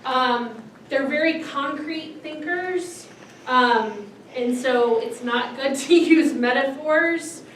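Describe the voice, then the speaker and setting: A woman talking to a class as a speaker on autism and families, telling stories in an animated way and acting out other people's voices. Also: high voice, slow, reverberant, distant mic, slight background noise, poor audio. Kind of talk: storytelling lecture. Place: lecture room.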